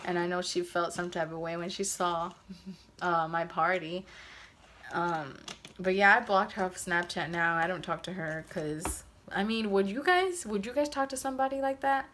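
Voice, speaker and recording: A woman in her twenties recounting a personal story in a loose, conversational way. Her voice sits on the low side, and she keeps dropping in fillers and acting out quoted asides. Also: normal speed, fairly bright tone, slight background noise. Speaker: vlogger. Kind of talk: casual storytime.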